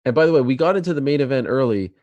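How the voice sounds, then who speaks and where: A man's voice: medium pitch, animated, racing, a little mellow, no room sound. A man hosting a casual chat, teasing and playfully quizzing his guest. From Canada. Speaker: host.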